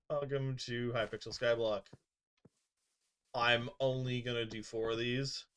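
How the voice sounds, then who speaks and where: A man's voice: mid-range voice, slow pace, a bit bright, smooth. A man streaming a game, chatting casually with viewers, laughing often and muttering asides under his breath. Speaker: gaming streamer. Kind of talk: casual gameplay commentary, reading chat.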